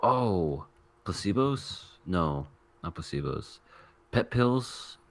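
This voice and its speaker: A man with a very low voice hosts a casual review podcast. He rambles a little, circling back and restarting as his thoughts form. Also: expressive, takes it slowly, creaky. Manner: rambling, thinks aloud with restarts. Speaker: podcast host reviewing anime. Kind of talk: casual chat.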